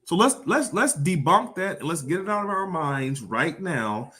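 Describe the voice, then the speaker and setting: Man, informal lecture, animated, preachy, profane. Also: fairly high pitch, measured pace.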